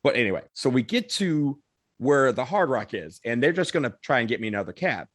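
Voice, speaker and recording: A man co-hosting a podcast, telling a story in an animated, casual way and swearing now and then. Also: mid-range voice, brisk, no echo. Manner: animated, swears, acts out others' lines. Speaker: podcast co-host.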